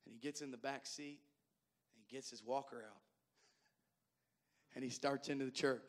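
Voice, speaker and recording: A male pastor telling folksy stories in a sermon, addressing the congregation directly and repeating words as he goes from loud to soft. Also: mid-range voice, steady tone, moderate pace. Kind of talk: sermon storytelling.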